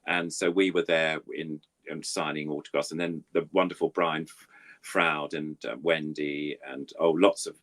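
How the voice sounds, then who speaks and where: Deep-voiced older Englishman telling stories. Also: little pitch movement, normal speed, fairly bright tone. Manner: rambling, self-deprecating storytelling with many fillers. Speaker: puppeteer guest. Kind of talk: anecdotal interview chat.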